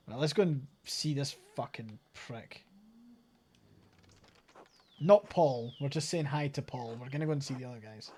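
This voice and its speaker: A man's voice: mid-range voice, measured pace, long pauses, a little mellow, a little hiss or hum. A Scottish man casually commenting on a game while streaming live, blunt and sweary with a sardonic edge.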